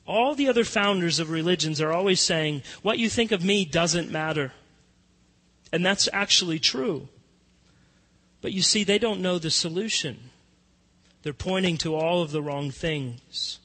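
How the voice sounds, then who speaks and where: Male pastor, sermon delivery, high and bright, emphatic swings between hush and force, long hall reverb. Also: moderate pace. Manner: emphatic preaching, swinging between hushed and loud.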